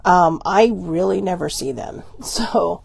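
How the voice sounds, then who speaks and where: A woman's voice: fairly low pitch, slow pace, gravelly, a little mellow, breathy edge, no room sound. A woman giving a casual oracle card reading, rambling and emotional, teary-eyed with watering eyes, often laughing and stopping herself mid-sentence. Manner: rambling, emotional, self-interrupting with laughs and ums.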